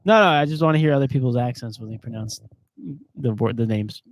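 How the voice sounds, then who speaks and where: A man's voice: medium pitch, fast, no echo. A man co-hosting a casual sports podcast, playful and teasing. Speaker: podcast co-host.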